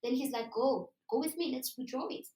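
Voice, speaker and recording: A young South African woman with a South African accent telling a story live to an audience in an animated, chatty way, slipping into local words. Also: high voice, a little fast. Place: live event room. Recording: roomy sound from a distant mic.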